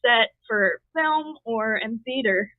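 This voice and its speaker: A woman's voice: a little high, lively intonation, takes it slowly, dry recording. Host woman on a tinny line. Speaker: interview host. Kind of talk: casual interview questions.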